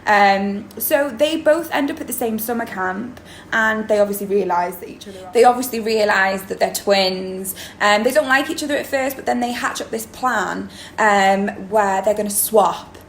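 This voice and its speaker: A woman's voice: medium pitch, moderate pace. A woman drama teacher, explaining in a chatty video lesson with many ums. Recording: roomy echo, faint background noise.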